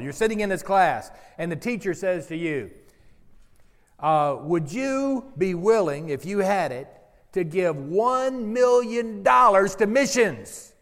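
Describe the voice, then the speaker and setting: Man, pastor, sermon, animated storytelling, fairly high voice, reverberant sanctuary. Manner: animated storyteller, gets loud and drawn out for emphasis. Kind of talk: sermon with humorous stories. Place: church sanctuary with congregation. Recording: long hall reverb.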